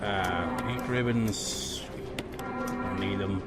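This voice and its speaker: A man's voice: low voice, very slow. A man giving casual, sarcastic commentary while playing a video game, swearing often and talking back to the characters. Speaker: let's play gamer. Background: game music.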